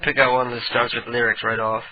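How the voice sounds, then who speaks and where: A man's voice: medium pitch, flat delivery, fairly quick, narrow, tinny audio, noisy background. A man hosting a prank call show, laid-back and joking with his co-hosts. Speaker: radio show host. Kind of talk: casual banter.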